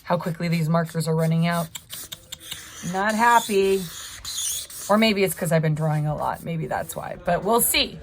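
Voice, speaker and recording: A woman's voice: fairly low pitch, normal speed, slight background noise. Chatty woman art teacher thinking aloud. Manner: encouraging, chatty, thinks aloud while drawing. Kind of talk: narrated drawing tutorial.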